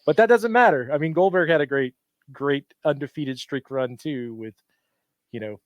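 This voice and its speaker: A man with a mid-pitched voice offers opinions as a podcast guest, padding his points with hedging asides. His voice sounds dry and close to the mic. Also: normal speed, no echo, dull audio. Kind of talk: casual podcast chat.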